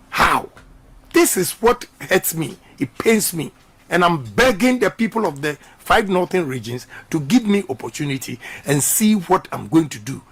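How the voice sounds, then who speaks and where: A middle-aged Ghanaian man, a politician guest, delivers an impassioned, emphatic radio interview full of repeated slogans in a mix of English and Twi. His voice is high and a bit bright.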